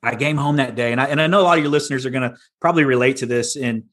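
A man's voice: mid-range voice, racing, fairly bright tone. A middle-aged man from Texas, a podcast guest telling his story in a candid, casual way with frequent restarts. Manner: candid, many restarts and repeats.

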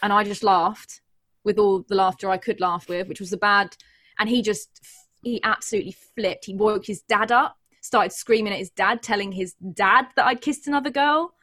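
A woman's voice: medium pitch, fairly even intonation, moderate pace, bright, forceful tone. A young woman, a guest giving an earnest, emotional personal account with frequent restarts. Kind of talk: candid personal account in conversation.

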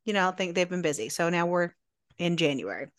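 Woman podcast cohost, lowish smooth voice, talks real slow and easy. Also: animated. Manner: measured summarizing, drawn-out words. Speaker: podcast co-host. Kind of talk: casual book discussion.

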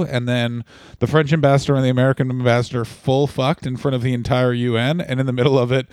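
A man's voice: mid-range voice, level tone, quick pace, darkish tone, clear, resonant tone, no room sound. A man co-hosting a comedy podcast, spinning sardonic, profane comic rants in casual chat. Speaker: podcast co-host.

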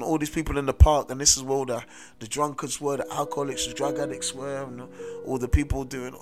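A man's voice: mid-range voice, a bit bright. Guy preaching, keeps saying amen and listen to me, music playing under him. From South London. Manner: emphatic, repeats "amen" and "listen to me". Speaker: host and street preacher. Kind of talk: sermon-style testimony.

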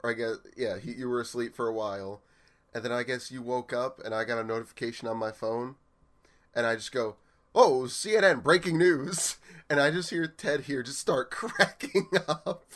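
Easygoing young man, mid-pitched voice. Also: moderate pace, fairly bright tone. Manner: easygoing, wry, laughs often. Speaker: podcast co-host. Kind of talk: casual chat.

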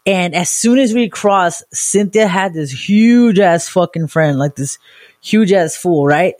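A woman from Southern California, co-hosting a podcast and telling a wild story in a casual, profane, animated way. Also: lowish voice, takes it slowly. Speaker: podcast co-host.

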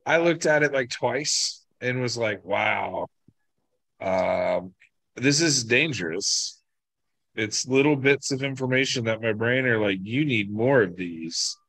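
A man co-hosting a casual chat, joking around and telling animated stories with a husky voice. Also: mid-range voice, slow pace, no echo.

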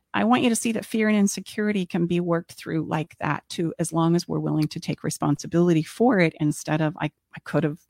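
Candid storytelling woman with gravelly fry. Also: lowish voice, no room sound, studio quality. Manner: candid, expressive, acts out her own inner voice. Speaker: podcast co-host. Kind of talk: personal storytelling.

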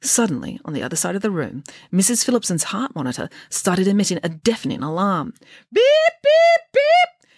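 A woman's voice: fairly low pitch, very animated, fast talker, few pauses, a little mellow, breathy edge, no echo, clean studio sound. A woman reading a novel aloud, narrating expressively. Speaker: storybook reader.

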